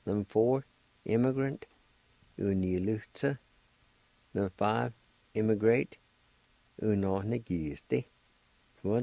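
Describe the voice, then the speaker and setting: A man's voice: fairly low pitch, vocal fry, dark tone, dry recording, poor audio. A man hosting a radio language lesson, spelling out words letter by letter and repeating each syllable patiently. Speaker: language teacher and radio host.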